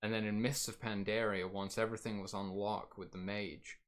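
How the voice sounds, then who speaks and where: A man's voice: fairly low pitch, little pitch movement, normal speed. A man streaming and chatting casually about his game plans, rambling and correcting himself as he goes, his voice getting a little worn.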